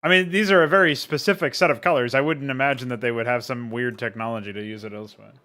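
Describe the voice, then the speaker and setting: A man's voice: medium pitch, steady tone, fast, sharp tone. A young man chatting casually on a live stream, laid-back and joking, swearing now and then and answering chat. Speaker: streamer and game modder.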